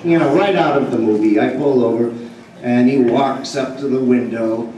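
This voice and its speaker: A man's voice: medium pitch, moderate pace, dull audio, a little hiss or hum. Guy on a convention panel telling a long story, big roomy hall, sounds far from the mic. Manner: rambling, animated, acts out dialogue. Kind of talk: storytelling anecdote to a live audience. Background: audience laughing.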